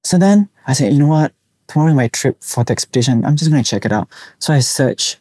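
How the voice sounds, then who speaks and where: Speaking quickly at medium pitch, a young Singaporean podcaster with a local English accent narrates a personal experience and animatedly imitates the people he quotes. The sound is clean studio audio with no room tone.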